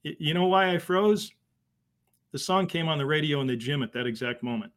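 A man, telling a personal story as a guest, halting and emotional with many restarts. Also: a little high, lively intonation, fairly bright tone. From Boston area. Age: 50s. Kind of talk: conversational storytelling.

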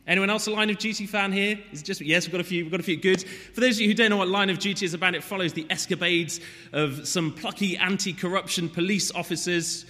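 A man's voice: high-pitched, quick pace, pushed and bright, in a large hall. A man from Wales preaching a sermon, chatting and joking before he turns to his text.

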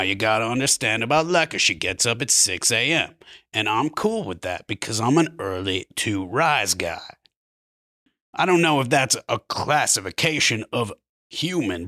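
Male podcast guest from Maryland, fairly low but bright voice, dry sound, riffing comic. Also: no room sound. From Maryland, USA. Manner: playful, riffing comic rants. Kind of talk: casual chat.

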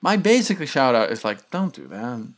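A man's voice: mid-range voice, moderate pace. Guy on a podcast rambling through a story, like, you know, lots of filler. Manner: rambling, many fillers, animated retelling. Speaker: podcast host. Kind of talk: casual storytelling.

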